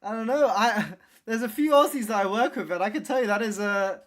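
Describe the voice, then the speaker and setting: A woman hosting a watch party, reacting casually with excitable outbursts and muttered asides. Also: fairly high pitch, brisk.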